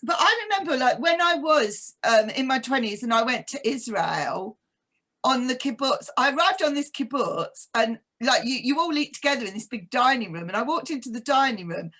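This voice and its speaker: Chatty english woman, from east london, bright voice that jumps all over. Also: high-pitched, moderate pace. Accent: softened English. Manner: chatty storyteller, animated. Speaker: co-host. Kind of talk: casual chat.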